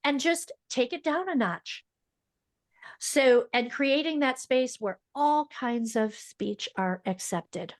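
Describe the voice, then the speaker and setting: A woman who is a speech-language pathologist, speaking as a podcast guest in a fast, emphatic, teacherly way. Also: high voice, no room sound, clean studio sound. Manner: fast-talking. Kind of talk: podcast interview.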